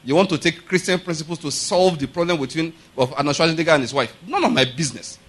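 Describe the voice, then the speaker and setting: Talking fast in a fairly high-pitched voice, a male pastor delivers an emphatic sermon. Time and again he asks the congregation if they follow him, and his words build to loud, forceful statements.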